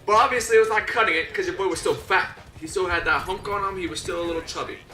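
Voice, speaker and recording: A young man telling a comedic story, animated and slangy, acting out his own voice and his coaches' voices. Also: high-pitched, fast. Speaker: YouTuber. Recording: echoey room, a bit distant from the mic, faint music.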